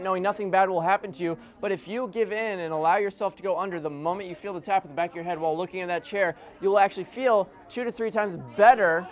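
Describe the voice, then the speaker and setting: A man working as a stage hypnotist at a live show, giving rhythmic, repetitive suggestions that sink low and soft, mixed with chatty joking asides to the audience. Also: lo-fi sound. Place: corporate event room with an audience. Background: faint audience.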